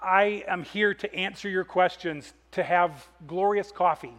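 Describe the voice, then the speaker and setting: A man's voice: sits high, unhurried, fairly bright tone. A male pastor preaching a sermon with energy and emphasis, repeating words and restarting phrases as he drives his points home.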